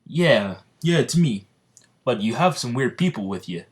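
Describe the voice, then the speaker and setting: A man voicing a cocky young male hero in a cowboy disguise, talking in a loud, breezy, slangy way. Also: medium pitch, expressive, a little slow, lightly acted. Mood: brash.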